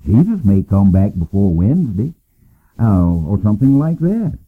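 Older man, Bible teacher, folksy conversational talk, husky voice, tinny phone-like radio sound. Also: fairly low pitch, sing-song, normal speed. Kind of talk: informal Bible lesson.

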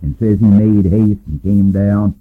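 An older man giving an informal, folksy Bible lesson, talking plainly with many pauses and "uh"s. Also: on the low side, fairly even intonation, phone-quality sound. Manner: folksy and conversational, frequent "uh"s. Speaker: Bible teacher.

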